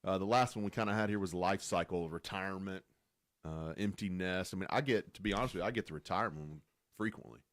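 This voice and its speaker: Deep-voiced man hosting a casual radio show. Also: fast, a bit bright, dry recording, clean studio sound. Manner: jokey, laughs often, frequent restarts.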